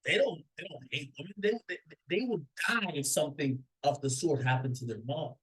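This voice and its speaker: A man's voice: fairly high pitch, fairly quick, fairly bright tone, slightly rough, poor audio. A man commenting casually on a played clip, opinionated, often stammering and repeating words. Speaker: reaction commentator.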